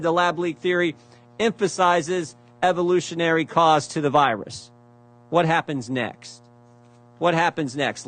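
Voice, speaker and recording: Man, somewhat high voice, emphatic, rhetorical questions, prepared speech. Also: a bit bright. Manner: emphatic, repeats phrases for effect. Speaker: speaker presenting evidence at a hearing. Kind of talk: prepared speech reading out emails.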